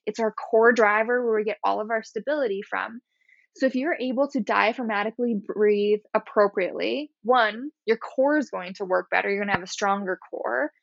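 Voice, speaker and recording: A woman's voice: medium pitch, a little fast, vocal fry, dry recording, lo-fi sound. A woman physiotherapist explaining exercises in a casual, chatty way, laughing often and guiding breathing step by step.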